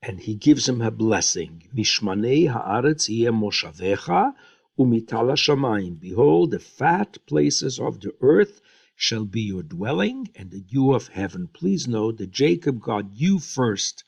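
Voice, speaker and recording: A man's voice: medium pitch, sing-song, measured pace, gravelly. A man teaching a Bible lesson, retelling the story and briefly acting out the quotes, with frequent fillers.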